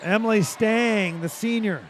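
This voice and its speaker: High-voiced man calling volleyball. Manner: rapid calls that rise to shouts at big plays. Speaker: play-by-play announcer. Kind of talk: volleyball commentary. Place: high school gym. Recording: loud crowd and gym noise.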